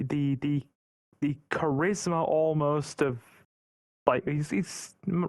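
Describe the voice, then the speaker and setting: A man's voice: a little high, no room sound. A British man talking casually in a podcast roundtable, rambling and often repeating words as he thinks. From Britain.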